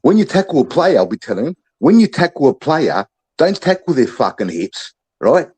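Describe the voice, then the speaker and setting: A man's voice: on the high side, sing-song, moderate pace, darkish tone, breathy edge, low-quality recording. An Australian man on a podcast, ranting in a fired-up, profane way about how the team should play, like a coach giving orders. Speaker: podcast panelist. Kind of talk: heated sports chat.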